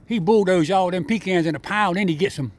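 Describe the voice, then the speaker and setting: A man chatting and coaxing a squirrel in his front yard, repeating himself in a relaxed, chuckling way. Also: high-pitched, fast. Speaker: vlogger feeding a squirrel. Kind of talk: casual talk to an animal.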